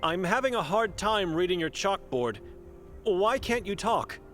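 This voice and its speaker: Earnest young monk, game character, polite and probing, lively pitch. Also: male voice, unhurried, faint music behind. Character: earnest young male monk searching for his sister. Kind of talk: video game voice acting.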